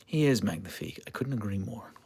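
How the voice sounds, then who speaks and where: A man with a gravelly, fry-edged voice hosts a casual pet livestream. His pitch swings widely as he chats with viewers and slips into playful high baby-talk with his dog. He sounds a bit sleep-deprived but upbeat. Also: animated, fast, darkish tone. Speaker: livestream host with pet huskies. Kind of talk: casual livestream chat to pets and chat.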